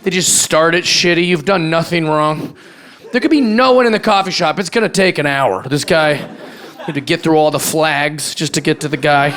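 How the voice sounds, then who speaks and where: A male stand-up comedian on a club stage, mocking and profane, dropping low and quiet for asides. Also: moderate pace. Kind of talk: stand-up set. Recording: live club crowd laughing. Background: audience laughter.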